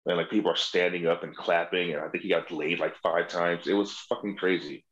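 A comedian spins rowdy, profane tales in casual podcast chat, slipping into the voices of the people in his stories. His voice sits fairly low. The recording sounds dull and a little lo-fi. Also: a little fast. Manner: animated, profane, acts out quoted voices. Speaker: comedian guest.

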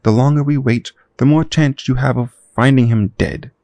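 A man's voice: mid-range voice, normal speed, gravelly, mellow, no echo, close to an everyday voice. A man voicing a wealthy Hollywood man who talks with urgent worry in an audio drama.

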